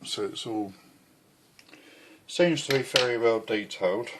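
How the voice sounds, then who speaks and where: A man's voice: mid-range voice, a little slow, noisy background. A man reviewing a model kit in a chatty, rambling way at home. He is a bit out of breath, swears now and then and often loses his thread.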